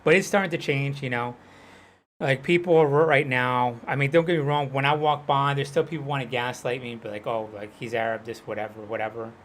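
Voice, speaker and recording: A man's voice: mid-range voice, brisk, a bit bright, slight background noise. A man from Hawaii chatting loosely while streaming a game, rambling and full of fillers. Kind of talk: casual chat while gaming.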